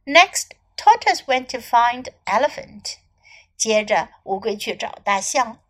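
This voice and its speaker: A woman English teacher reading a children's story aloud, line by line, in a slow and clear storytelling manner. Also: a little high, sing-song.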